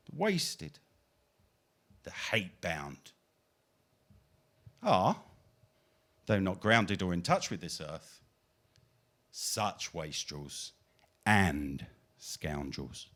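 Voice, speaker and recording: A man performing his own spoken-word poetry as a guest, reciting dramatically with big swings between loud and soft. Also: low-pitched. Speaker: guest poet.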